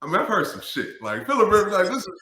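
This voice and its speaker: Man, ex-lineman guest; bright, forceful storyteller, profane, roomy echo. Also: sits high, quick pace, a little hiss or hum. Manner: animated, swears freely, laughs while telling stories. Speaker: guest, former pro football lineman. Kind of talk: casual interview storytelling.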